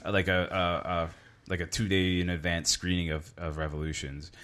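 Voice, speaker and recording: A man's voice: low-pitched, moderate pace. A man co-hosting a podcast, chatting casually with a loose, filler-heavy way of talking. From Canada. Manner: relaxed, lots of "like" fillers. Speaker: podcast co-host. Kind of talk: casual chat.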